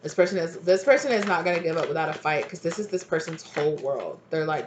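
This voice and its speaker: A tarot reader giving a rambling, animated channeled reading, acting out little dialogues. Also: medium pitch, fast, few pauses, noisy background.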